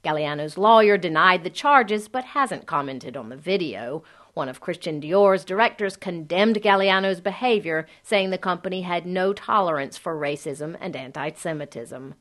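A woman correspondent files a scripted radio news report, her voice sitting a little low. She keeps the delivery measured and even, reading each line cleanly and without hurry. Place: on assignment abroad.

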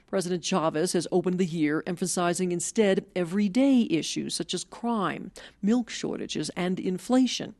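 A woman correspondent reading a scripted radio news report in a measured, even delivery. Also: medium pitch, no echo.

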